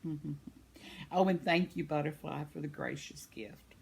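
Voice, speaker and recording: Indoors at home, an older woman vlogger reads her viewers' comments in a casual chat and laughs often. Her voice is deep, gravelly and a little slow, with a faint hiss or hum in the audio.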